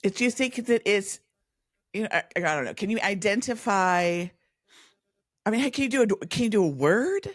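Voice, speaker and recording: Lively woman chatting. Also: mid-range voice, normal speed, no room sound, studio quality. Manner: animated, mimics voices, self-interrupting. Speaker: podcast guest. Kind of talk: casual conversation.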